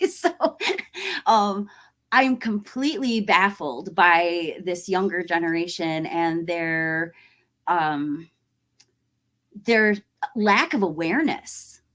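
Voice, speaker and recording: A woman in her forties chatting casually to camera as a horror YouTuber, animated and acting out other people's voices as she tells a story. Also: mid-range voice. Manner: animated, acts out quoted voices.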